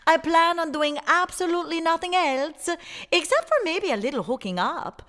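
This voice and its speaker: A woman's voice: very high voice, expressive, normal speed, a bit bright. A woman playing a lonely, flirtatious farm wife in a live stage parody, coy and melodramatic. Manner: breathy melodrama, coy double entendres. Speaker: stage comedian. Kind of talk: live musical-theater parody. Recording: reverberant theater with faint music.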